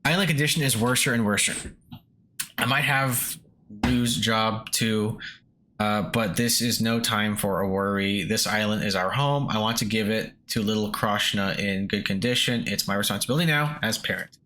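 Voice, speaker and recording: A man's voice: on the low side, moderate pace, sharp tone. A man voicing an old male miner reading his journal aloud in broken English with a Russian accent. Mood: wistful.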